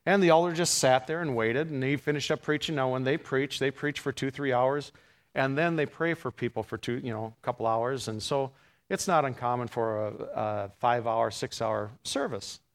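A man preaching a storytelling sermon, moving from hushed retelling to fervent, raised passages. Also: mid-range voice, normal speed.

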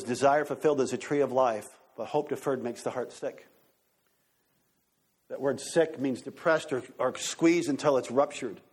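A man preaching a sermon as pastor, excitable and animated, turning to the congregation with asides and questions. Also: on the high side, slightly rough.

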